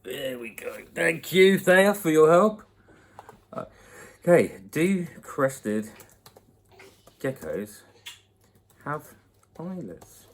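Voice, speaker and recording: With a sing-song, fairly high voice, the young host draws out his words and leaves long pauses. Sitting at home with a laptop mic, he takes viewer questions in a playful chat full of laughter, talking to a baby too.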